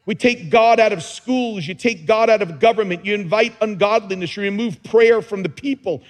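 A man preaching a sermon as pastor, his passionate delivery swinging between hushed, quiet moments and shouted peaks. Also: high voice, normal speed, long reverb tail.

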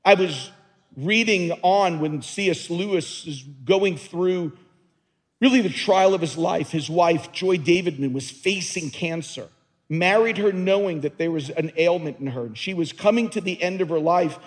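A pastor preaches with earnest emphasis, his voice pitched high and with a husky edge. He often doubles back on his words as he presses his point. A long reverb trails behind him, as in a large hall. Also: moderate pace. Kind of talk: sermon.

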